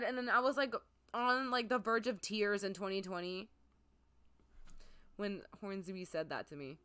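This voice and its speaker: A woman streamer chatting casually as she plays a game, gushing and excitable, with a mid-pitched voice. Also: measured pace, pauses often, clean tone. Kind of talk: casual gameplay commentary.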